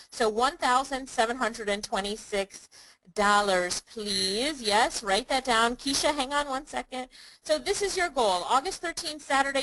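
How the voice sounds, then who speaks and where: Woman, live webinar host, chatty, upbeat, slightly high-pitched. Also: bright, forceful tone, rough recording. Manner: upbeat, addresses viewers by name, chatty. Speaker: online business course host.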